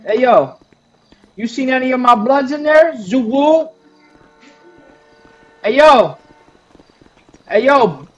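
A man voicing a loud, boastful male street gang member in a game role-play, taunting in heavy street slang. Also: extremely high pitch, lively intonation, slow, long pauses, muffled recording, soft background music, exaggerated voice. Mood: hyped taunting.

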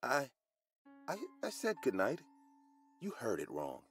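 A man voicing an eerie, secretive little girl patient in a hospital horror cartoon, speaking softly. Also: medium pitch, wildly swooping pitch, moderate pace, faint music behind, pitched above the performer's own voice. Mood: nervous.

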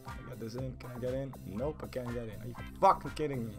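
A man giving casual, excitable commentary while betting on a game, swearing often and swinging from mumbles to yelling. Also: mid-range voice, fast talker, faint music behind. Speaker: gaming YouTuber.

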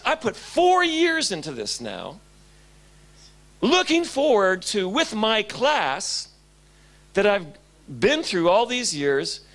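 Preaching in a church, this male pastor's voice sits high. His sermon is full of animated stories, and he shifts back and forth between booming and quiet delivery.

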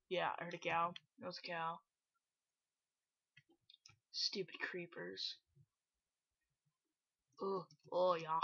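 Slow, husky woman gaming on a lo-fi mic. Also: on the low side, little pitch movement, no room sound. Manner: chatty, self-mocking, bursts into loud exclamations. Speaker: gameplay video host. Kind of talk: casual gameplay commentary. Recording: dull lo-fi recording.

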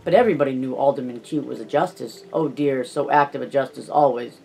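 A man narrating a classic novel as an audiobook in a measured storytelling way. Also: mid-range voice, gravelly, darkish tone, low-quality recording. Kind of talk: scripted narration.

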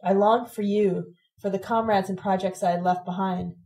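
A woman reading a first-person story told in letters, in a steady, plain storytelling manner. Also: mid-range voice, normal speed, low-quality recording. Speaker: audiobook reader.

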